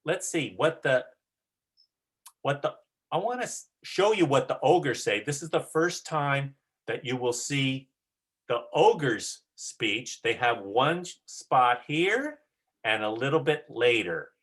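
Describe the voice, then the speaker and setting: A man's voice: mid-range voice, big pitch swings, unhurried, fairly bright tone. A man teaching a class, patiently walking students through a script.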